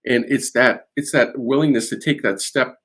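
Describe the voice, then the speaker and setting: A man with a Boston accent, a guest expert, explaining a case in a measured way with fillers and restarts. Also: mid-range voice, steady tone, a bit bright, husky. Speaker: security and art crime expert guest. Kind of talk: conversational expert analysis.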